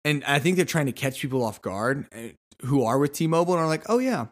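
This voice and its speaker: A man's voice: mid-range voice, brisk. A man hosting a podcast, telling a story in a casual monologue with sarcastic, exasperated humor. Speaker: podcast host.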